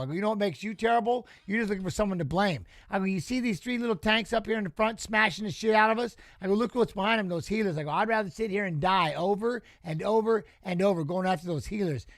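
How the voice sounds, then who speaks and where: Middle-aged man, high voice, loose animated storyteller, dry studio sound, casual swearing host. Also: no echo. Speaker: watch-along host and former fighter. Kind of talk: casual chat reading live chat.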